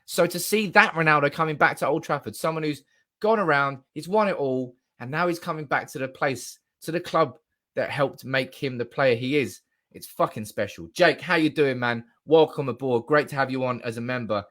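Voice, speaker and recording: A young man hosting a live stream, animated and swearing freely while reading out comments from the chat. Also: mid-range voice, moderate pace.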